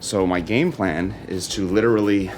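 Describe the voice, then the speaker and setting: A man's voice: lowish voice, normal speed, noisy background. An American man narrating his travel vlog in a casual, curious, blunt way. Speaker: vlogger.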